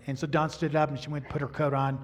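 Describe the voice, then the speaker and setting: High-voiced man telling a sermon story. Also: fast. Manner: animated storyteller acting out quoted dialogue. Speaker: pastor.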